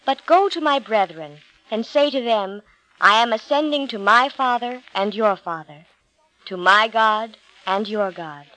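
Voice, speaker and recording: A woman reading a calm, gentle man from a storybook tale. He speaks softly and slowly, lower than the narration, with quiet assurance. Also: poor audio. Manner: soft, slow.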